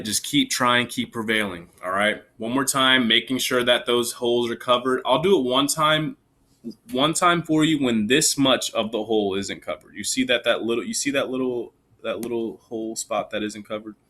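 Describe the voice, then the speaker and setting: A man's voice: fairly low pitch, sharp tone. A man teaching young children a recorder lesson, patient and encouraging, counting the beats aloud with them. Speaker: elementary music teacher. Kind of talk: recorded online music lesson.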